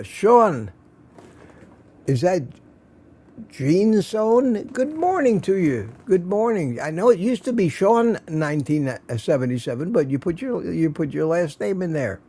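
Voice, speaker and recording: Older guy doing a chatty morning stream, slow and easygoing, mellow voice that bounces around a lot. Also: fairly high pitch, slightly rough. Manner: chatty, self-mocking, greets viewers by name. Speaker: livestream host. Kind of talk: casual morning chat greeting live viewers.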